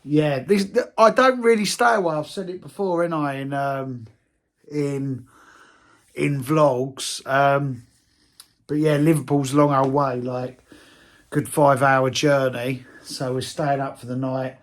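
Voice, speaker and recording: Speaking at a measured pace in a mid-range voice with fairly even intonation, an Englishman in his fifties chats casually on camera while touring as a DJ. He swears a lot and jokes with fans, and club crowd noise fills the background indoors.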